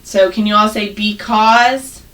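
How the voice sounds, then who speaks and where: Slow, bright-voiced woman teaching phonics. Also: medium pitch, fairly even intonation, far from the mic, rough recording. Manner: slow, exaggerated sounding out of words. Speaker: first grade teacher. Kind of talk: online phonics lesson. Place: home, on a video call with students.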